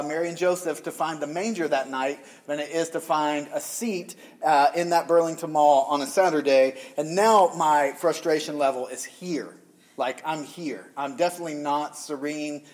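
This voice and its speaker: A middle-aged man from the American South delivers a sermon in a loose, conversational way, teasing his congregation as he goes. His voice sits slightly higher than most men's. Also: moderate pace. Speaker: pastor.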